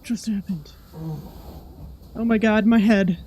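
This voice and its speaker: A woman's voice: mid-range voice, slow pace, mellow, a little hiss or hum. A woman hosting a horror game playthrough, reacting nervously and talking to herself as she plays. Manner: jumpy, nervous, talks to herself. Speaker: gaming channel host.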